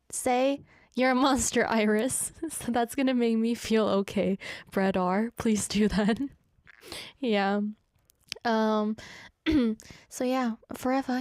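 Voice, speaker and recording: A woman's voice: on the high side, a little mellow, no echo, studio quality. A young woman hosting a radio show, chatting casually and reading out listener messages with frequent giggles. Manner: giggly, chatty, self-deprecating. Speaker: radio host. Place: radio studio. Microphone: studio microphone.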